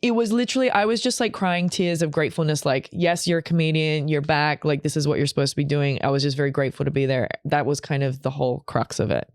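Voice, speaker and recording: A woman in her forties with a low voice talks fast, hardly pausing, as a comedian guest on a podcast recorded with clean studio sound and no echo. She tells a long, candid personal story, rambling and emotional, swearing often and restarting frequently.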